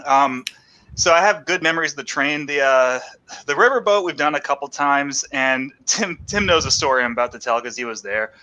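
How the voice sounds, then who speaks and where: A man's voice: mid-range voice, expressive, brisk, bright, forceful tone, rough recording. A man co-hosting a casual chat, telling rambling stories and laughing as he goes. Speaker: podcast co-host.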